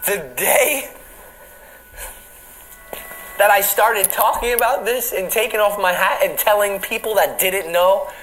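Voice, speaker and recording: A man's voice: high voice, bright, forceful tone, slight background noise, poor audio. A man in his late thirties giving a candid, reflective personal testimony in an interview, laughing now and then. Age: late 30s. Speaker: interview guest.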